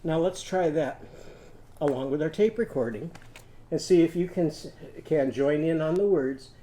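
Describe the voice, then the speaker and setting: A man with a slightly raised, mellow voice teaches phonics to young children. He tells a story in a gentle sing-song way, then leads them through chants and hand motions. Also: fairly high pitch, normal speed. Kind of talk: children's phonics lesson with songs.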